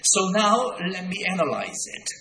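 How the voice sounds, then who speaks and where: A man preaching a sermon in a deliberate, emphatic way, repeating key words for weight. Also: sits high, big pitch swings, pushed and bright, a little hiss or hum. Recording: echoey hall with long reverb.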